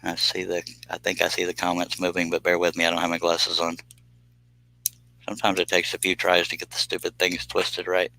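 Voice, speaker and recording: A man's voice: low-pitched, monotone, fairly quick, creaky, pushed and bright, poor audio. A man, casually chatting and joking with viewers on a live stream while doing scroll saw work in his workshop.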